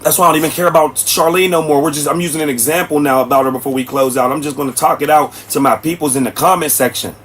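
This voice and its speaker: A man's voice: a little high, fairly even intonation, quick pace, hardly any pauses, a bit bright. A man, hosting a livestream and preaching bluntly at his chat. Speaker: livestream host. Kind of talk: ranting livestream commentary. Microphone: streaming setup mic.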